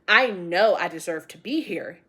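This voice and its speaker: A woman's voice: lowish voice, animated, measured pace, a bit bright, husky. A woman giving an intuitive tarot reading to her viewers. She speaks in a casual, emphatic way, repeating key phrases and addressing the audience directly with affectionate encouragement. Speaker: tarot reader.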